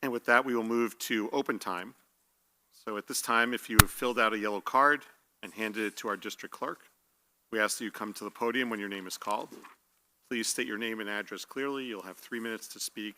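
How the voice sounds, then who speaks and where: A man chairing a school board meeting, giving clear procedural instructions. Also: on the low side, a little fast, bright, forceful tone, a little hiss or hum, rough recording.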